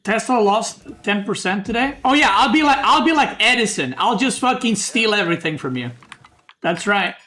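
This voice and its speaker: Streamer, male, high voice, banter-heavy casting with keyboard clacks behind. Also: lively intonation, moderate pace, pushed and bright. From Serbia. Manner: joking, bickering with chat, swears. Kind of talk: casual stream commentary.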